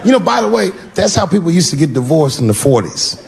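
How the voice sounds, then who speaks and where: Animated man telling stand-up stories. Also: on the high side, quick pace, vocal fry. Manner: animated, switches into voices, swearing, punchy. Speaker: stand-up comedian. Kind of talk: stand-up storytelling. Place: stage before a live audience. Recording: live stage audio with audience noise.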